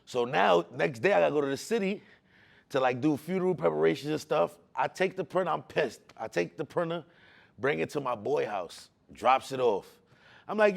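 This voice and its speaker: A man telling his personal faith testimony in casual slang, emotional, repeating words for emphasis, swinging between hushed and loud. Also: a little high, lively intonation, moderate pace, vocal fry. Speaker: testimony speaker.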